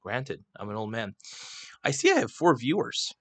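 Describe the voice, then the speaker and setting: A man's voice: medium pitch, wildly swooping pitch, moderate pace, a bit bright, slightly rough, no room sound. A man hosting a casual livestream, rambling and swearing freely as he rants, speaking into a desk microphone. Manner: rambling, profane, irreverent. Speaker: livestream host. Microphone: desk microphone, not clipped on.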